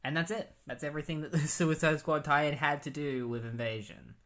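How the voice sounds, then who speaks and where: A man's voice: a little high, fairly even intonation, fairly quick, a bit bright. A man giving a casual, rambling recap of comic books, full of "like" and "um". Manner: rambling, filler-heavy. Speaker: comic book reviewer.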